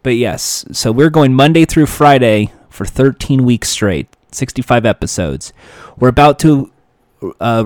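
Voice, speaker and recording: A man narrating a story in a comedic way, animated and jokey, with self-correcting asides. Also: mid-range voice, no room sound, clean studio sound.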